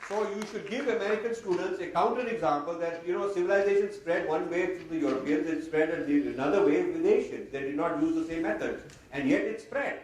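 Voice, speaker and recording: A man giving an animated public talk, mixing in Hindi phrases, recorded from a distance in a lecture hall. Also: on the high side, a little fast, hardly any pauses, a faint crowd. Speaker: speaker. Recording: distant mic, very echoey hall, faint noise.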